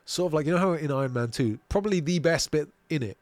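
A man's voice: on the high side, animated, fast, darkish tone, dry recording. A British man co-hosting a podcast, chatting casually and reading out viewer comments with easy laughs and loose swearing. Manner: easygoing, laughs and swears freely. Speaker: podcast co-host.

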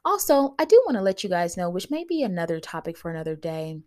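A woman's voice: lowish voice, big pitch swings, fast, warm tone. A woman hosting her own podcast in casual solo talk, candid and playful, speaking straight to her listeners. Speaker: podcast host.

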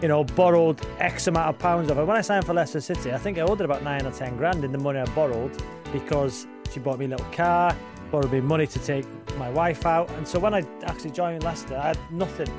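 A man's voice: fairly high pitch, fast talker, music in the background. A man co-hosting a podcast in casual chat, rambling and tripping over his words good-humouredly. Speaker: podcast co-host.

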